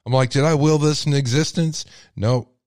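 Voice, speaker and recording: A man with a Texas accent and a deep voice, hosting a casual livestream and reacting with loud disbelief. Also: normal speed, no room sound, clean studio sound. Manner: animated, exclaiming in disbelief. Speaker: podcast host.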